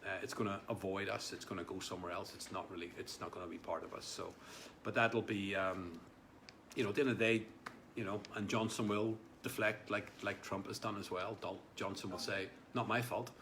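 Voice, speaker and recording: A man's voice: low voice, level tone, fairly quick, creaky, a bit bright, slight background noise. A man chatting casually on a live stream, rambling with restarts and speaking directly to viewers about their comments.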